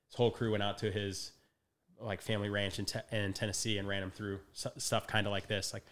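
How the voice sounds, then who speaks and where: Fast-talking man telling a story. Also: on the low side. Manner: animated storyteller, acts out quotes, laughs often. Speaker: guest. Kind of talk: casual podcast conversation.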